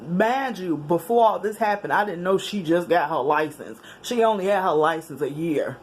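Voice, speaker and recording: Animated woman telling a story, casual slang. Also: lowish voice, normal speed, hardly any pauses, husky. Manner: animated, chatty, with slang and laughs. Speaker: vlogger telling a personal story.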